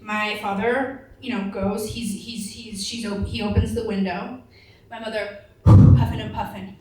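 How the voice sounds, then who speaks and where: Performing stand-up for a live audience at a comedy venue, a woman in her twenties tells animated stories and acts out the people in them. Her voice is medium-pitched and measured in pace. The roomy venue mic catches her from a distance, along with audience laughter.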